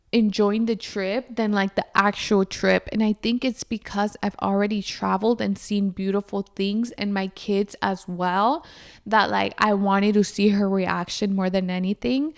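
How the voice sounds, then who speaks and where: A young woman hosting a podcast, chatting casually with lots of fillers and addressing her listeners directly. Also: medium pitch. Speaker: podcast host. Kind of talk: casual chat.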